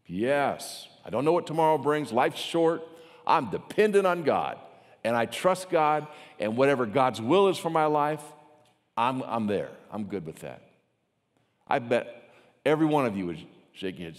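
A man's voice: medium pitch, sing-song, moderate pace. A man preaching a sermon as pastor. He talks with animation and acts out mocking voices. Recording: long hall reverb.

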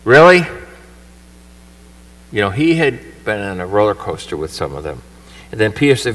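A man's voice: fairly low pitch, sing-song, moderate pace, pauses often, a bit bright. A male priest giving a homily at Mass in a church, telling the story conversationally and acting out the characters' lines with energy. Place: church shrine. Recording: voice from far off the mic.

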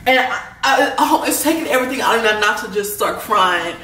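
A woman's voice: fairly high pitch, brisk, roomy sound, recorded from a distance, rough recording. Young woman rambling through a storytime. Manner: animated, rambling, lots of "like" and slang. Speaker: vlogger. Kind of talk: storytime while eating.

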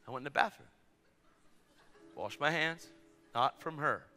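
A man preaching a storytelling sermon in a church or event hall, animated and swinging from hushed asides to shouts. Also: a little high, moderate pace. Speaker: evangelist preacher. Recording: echoey hall with faint music.

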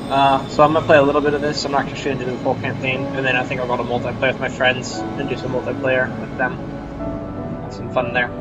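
A man giving casual, rambling, self-mocking let's-play commentary at home, with sudden loud outbursts. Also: mid-range voice, dull audio. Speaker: gamer. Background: game music.

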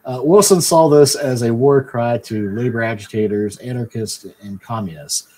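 A man's voice: medium pitch, a loud crowd, poor audio. Guy reading history notes on a podcast, average voice, dry, says uh a lot. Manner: dry, many fillers and quick yeps. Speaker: podcast co-host.

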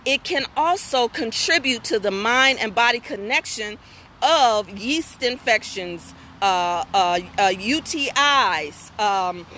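A middle-aged woman talks frankly on a casual live stream, reading comments and spinning folksy stories. Her voice is bright and forceful. Faint traffic hums behind her outdoors. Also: a little high, slow. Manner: candid, folksy, animated storytelling with asides to viewers. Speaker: host of a women's talk stream.

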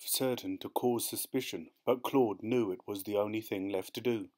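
A man narrating a short story as an audiobook in a steady, measured way. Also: on the low side.

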